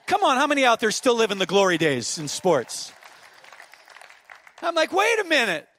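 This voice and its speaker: A man in his fifties, a pastor preaching a sermon, telling a story and then building to fervent shouted exhortation. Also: high-pitched, sing-song, moderate pace, some chatter behind, slight background noise. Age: 50s. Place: church auditorium.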